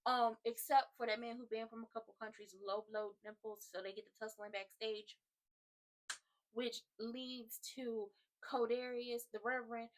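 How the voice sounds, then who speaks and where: A woman's voice: fairly high pitch, fairly even intonation, normal speed. A woman vlogger ranting through a wrestling recap in a chatty, slangy, sassy way.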